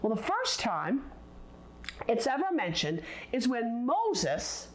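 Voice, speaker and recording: A woman teaching a recorded Bible lesson, expressive and deliberate, leaning on words for dramatic emphasis. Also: fairly high pitch, slight background noise.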